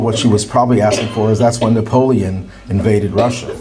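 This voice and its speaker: A man's voice: lowish voice, steady tone, fairly quick, a loud crowd. A male rabbi telling anecdotes and chuckling at his own jokes. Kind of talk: storytelling talk.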